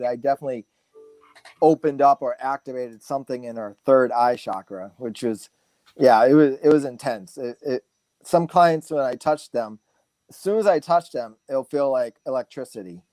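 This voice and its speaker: A man in his forties, a guest speaker, telling stories in a relaxed, rambling way full of fillers and restarts. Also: medium pitch, moderate pace, dry recording. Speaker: guest speaker, massage therapist. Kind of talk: casual storytelling interview.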